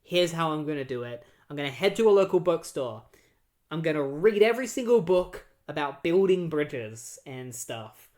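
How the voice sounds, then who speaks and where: A brash young male speedster hero, cocky and quick with a quip, tossed off by a podcast host mid-recap. He talks big and a little higher, like a hero showing off. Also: lively intonation, a little mellow, lightly acted. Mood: eager. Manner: brash, casual quips. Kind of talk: podcast recap with acted quotes.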